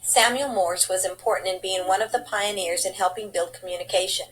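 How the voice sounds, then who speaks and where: A woman's voice: medium pitch, fairly even intonation, fairly quick, low-quality recording. Woman reading a slideshow report.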